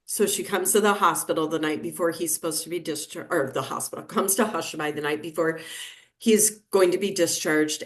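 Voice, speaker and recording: A woman in her fifties with a low voice tells a story in a podcast interview. She speaks as a neonatal nurse practitioner and acts out each person's quoted lines as she goes. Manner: lively anecdotal telling, acting out quoted dialogue.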